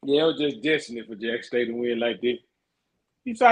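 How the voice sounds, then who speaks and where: A man's voice: medium pitch, fairly quick, husky, poor audio. A man co-hosting a casual sports chat, backing the host with frequent agreement and laughter. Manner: backchannels often, laughs along. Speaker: podcast co-host.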